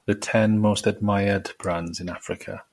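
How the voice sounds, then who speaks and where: A man co-hosting a podcast, quizzing the others in a relaxed casual chat. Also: fairly low pitch, unhurried. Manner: relaxed quiz-style prompting. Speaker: podcast co-host.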